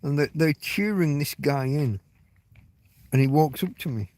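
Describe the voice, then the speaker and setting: A man's voice: fairly high pitch, unhurried, darkish tone. A middle-aged man from England telling a personal story to camera in a rambling, emotional way, swearing often and restarting his sentences. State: tearing up. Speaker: vlogger. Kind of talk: casual storytelling monologue.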